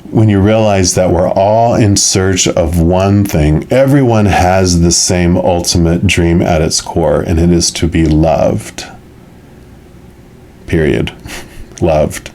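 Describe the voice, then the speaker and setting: A low-pitched man talks through a weekly tarot reading for his viewers. His delivery is soft and musing, full of loose phrases that circle back on themselves. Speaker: tarot reader.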